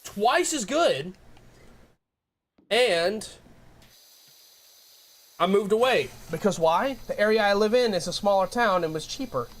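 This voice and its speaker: A game streamer with a high voice chats with his viewers, ranting in a rambling way and restarting often. He's unhurried, leaving long pauses.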